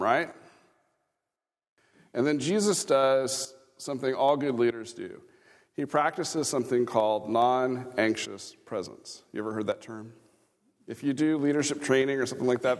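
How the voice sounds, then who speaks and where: Male pastor, casual sermon voice, mid pitch, long church reverb. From Kansas. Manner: conversational, chuckling asides, audience questions. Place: church sanctuary.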